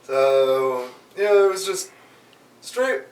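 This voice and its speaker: A man's voice: mid-range voice, very animated, slow pace, very noisy. Male co-host, playful, laughs a lot, distant roomy sound. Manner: jokey, laughs often. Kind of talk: casual chat.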